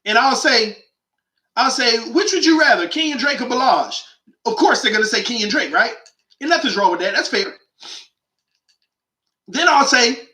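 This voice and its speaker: A man's voice: extremely high pitch, expressive, normal speed, long pauses, pushed and bright, echoey room. A man hosting a call-in sports show, delivering an emphatic, slangy monologue full of rhetorical questions. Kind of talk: animated opinionated monologue.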